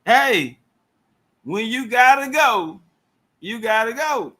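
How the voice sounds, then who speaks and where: A man's voice: extremely high pitch, expressive, takes it slowly, sharp tone. A man doing loose, profane live commentary, heckling and laughing in heavy slang. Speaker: livestream commentator. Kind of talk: crude casual live commentary.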